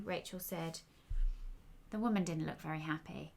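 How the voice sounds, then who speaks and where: A woman's voice: fairly low pitch, fairly even intonation, unhurried. A woman storyteller reading her own fiction aloud in a wry, conversational way.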